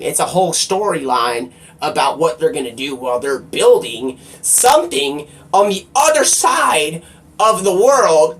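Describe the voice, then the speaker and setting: Rambling, profane male streamer, off-mic. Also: fairly high pitch. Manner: rambling, profane, excitable, with bursts of shouting. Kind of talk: rambling live-stream monologue. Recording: distant mic with faint background noise.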